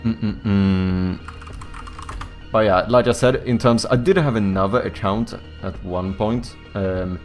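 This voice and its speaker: Speaking slowly in a lowish voice over soft background music, a Swedish man chats on a live stream and reads messages aloud. His Swedish-accented, British-leaning English comes out rambling and jokey, full of self-corrections.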